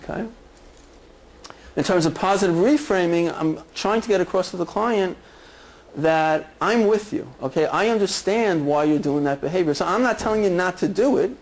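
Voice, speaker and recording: A man's voice: high-pitched, moderate pace, low-quality recording. A man lecturing a class of clinicians in a conversational way, often checking in with "okay?" and "right?". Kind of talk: lecture with role-play examples.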